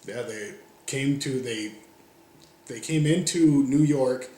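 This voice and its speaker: A laid-back man from the United States answers questions casually, trailing off at the ends of his thoughts. He speaks at a middle pitch. His voice echoes a little around the room. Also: takes it slowly, mellow. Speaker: interview guest. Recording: roomy echo.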